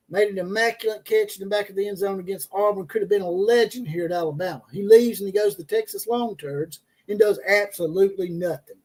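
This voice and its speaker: A brash man with a fairly high voice hosts a college football livestream. He talks loosely and profanely, mocks players and reporters, and chuckles at his own jokes while reading chat. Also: a little mellow.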